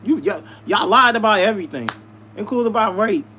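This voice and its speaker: A man with a high-pitched voice recounts a personal dispute to his live stream viewers, repeating each point for emphasis. A faint hum runs underneath his talk. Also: lively intonation, a little fast, sharp tone. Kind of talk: venting storytelling to viewers.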